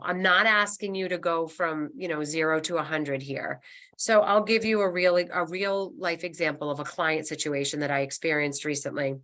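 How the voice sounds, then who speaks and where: A woman's voice: lowish voice, fairly bright tone. A woman who works as a senior move manager, giving a webinar talk in an encouraging coaching manner. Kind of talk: webinar presentation.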